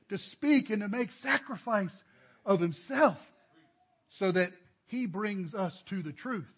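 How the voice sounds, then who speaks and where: A man's voice: high voice, husky, dull audio. A man preaching a sermon as pastor, addressing the congregation directly with emphatic rises. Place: church.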